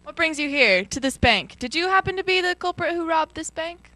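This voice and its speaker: A woman playing an awkward, clueless field reporter in a spoof comedy sketch, speaking in halting, fumbling phrases. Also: very high voice, expressive, bright, forceful tone, no echo, exaggerated voice. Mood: bumbling.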